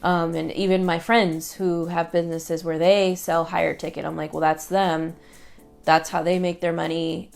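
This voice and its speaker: A woman's voice: on the low side, level tone, normal speed, vocal fry, darkish tone, soft background music. A woman talking to camera in a casual vlog, chatty and upbeat, with lots of fillers and quoted asides. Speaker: online business creator.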